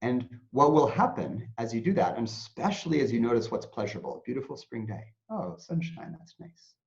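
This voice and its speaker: Animated man explaining, lo-fi sound. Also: medium pitch, fast talker, creaky. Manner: animated, acts out anxious inner voices. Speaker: interview guest, mindfulness teacher. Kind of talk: explanatory interview talk. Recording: dull lo-fi sound.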